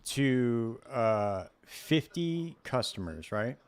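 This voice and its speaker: A man's voice: medium pitch, drawn-out words, clean tone. A man streaming a game live and chatting casually, rambling and leaning on "dude" all the time. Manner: rambling, says "dude" constantly. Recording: steady background noise.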